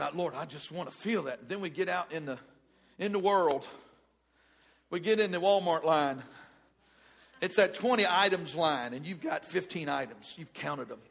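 Husky, high-voiced man preaching. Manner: animated, swings from loud to hushed. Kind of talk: sermon.

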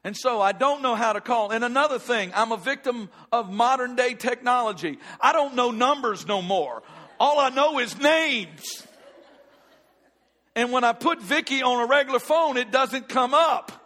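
A middle-aged man preaching from the pulpit, his voice sitting notably high for a man. He tells his story with lively swings from loud emphasis down to near-hushed lines. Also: normal speed. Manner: animated storytelling, shifting between loud and hushed. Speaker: pastor. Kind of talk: sermon with personal story.

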